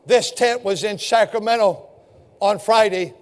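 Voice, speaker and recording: An older man preaches from the pulpit in a strikingly high voice. His delivery is impassioned, pressing each point and swelling into shouts as he exhorts his congregation. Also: measured pace. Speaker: pastor. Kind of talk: fiery sermon.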